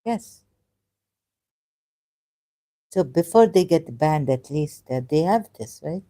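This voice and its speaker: Woman, low voice, mellow tone, halting and emotional. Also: animated. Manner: emotional, searching aloud, halting with fillers. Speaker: ex-Muslim commentator. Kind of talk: casual commentary reading scripture.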